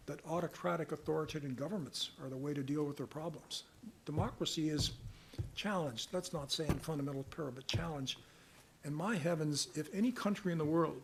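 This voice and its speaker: An older man answering reporters' questions at a news conference, measured and earnest, sometimes reading passages aloud. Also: on the high side, a little hiss or hum. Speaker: special rapporteur answering press questions.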